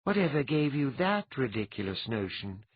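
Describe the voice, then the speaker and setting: A man voicing a teasing, imperious woman who is fond and sentimental, with a husky sound. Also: mid-range voice, sing-song, normal speed, no room sound, muffled recording, voice pushed up.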